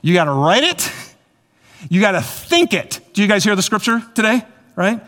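A man preaching a sermon as pastor, animated and repetitive, speaking straight to his congregation. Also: high voice, moderate pace. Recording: long hall reverb.

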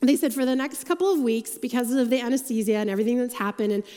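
A woman with a fairly high voice delivering a church message, chatty and self-deprecating, slipping in quick asides as she tells her stories. Her voice carries a long reverb from the large auditorium around her. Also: mellow. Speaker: church staff speaker giving the message. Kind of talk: sermon.

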